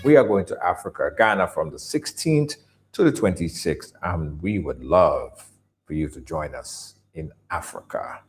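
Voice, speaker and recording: Energetic male show host, low voice. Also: normal speed, soft background music. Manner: energetic, repeats himself. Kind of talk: live show sign-off and promo.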